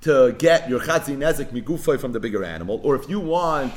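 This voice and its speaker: Animated fast-talking man teaching Talmud. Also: medium pitch. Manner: animated, rhetorical questions, mixes Yiddish and Hebrew terms. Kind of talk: daf yomi Talmud lecture.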